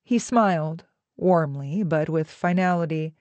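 A woman narrating an audiobook with an even, measured reading. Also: fairly low pitch, no room sound.

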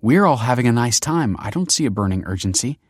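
A man's voice: mid-range voice, lively intonation, a little fast, husky, dry recording, voice pushed up. A man voices a breezy, playful woman in a storybook reading. He lifts his voice well above his own, and the recording stays close and dry.

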